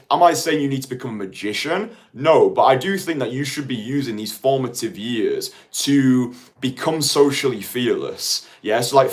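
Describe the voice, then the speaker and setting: A man in his late twenties, a dating coach talking casually to viewers in a rambling way full of "like". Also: mid-range voice. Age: late 20s. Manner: chatty, rambling, heavy use of "like".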